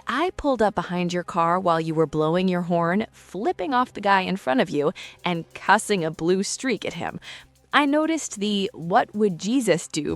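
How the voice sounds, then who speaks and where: A woman's voice: mid-range voice, no echo, natural voice. A woman doing a dry, formal police officer. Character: stern male police officer, dry and polite.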